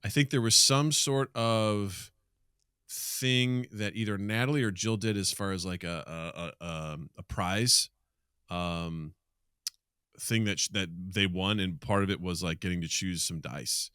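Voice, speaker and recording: A man in his thirties co-hosts a casual podcast, speaking a little slowly in a smooth, low-pitched voice. He is an animated storyteller who acts out the people he quotes. The recording is dry and clean, with studio sound.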